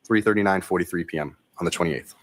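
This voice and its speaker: A state trooper testifying in court, reading text messages into the record in a flat, monotone way. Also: male voice, low-pitched, fast.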